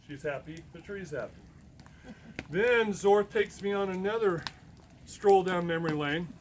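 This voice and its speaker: A man's voice: high-pitched, unhurried. Storytelling man over a noisy background. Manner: animated storyteller, acts out quoted voices. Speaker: guest speaker. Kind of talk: storytelling talk.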